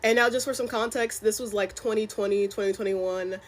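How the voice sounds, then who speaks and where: Fast-talking young woman telling a story. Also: medium pitch, fairly even intonation. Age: young adult. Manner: chatty, filler-heavy, exasperated. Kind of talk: casual personal storytelling.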